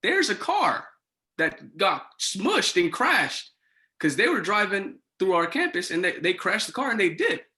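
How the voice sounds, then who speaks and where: A young man, a podcast guest, tells a casual story with animated swings and excited turns of phrase. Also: sits high, a little slow. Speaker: podcast guest, resident assistant.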